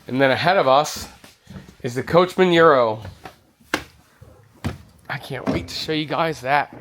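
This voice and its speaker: A man's voice: a little high, a little slow, fairly bright tone, slight background noise. A man touring an indoor RV show, giving an enthusiastic walkthrough and exclaiming over features. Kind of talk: walkthrough vlog.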